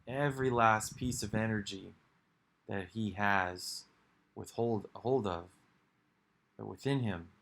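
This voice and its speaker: A man's voice: lowish voice, fairly bright tone. A man giving a rambling, reflective monologue for his video, musing aloud with sighs and restarts. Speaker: video creator.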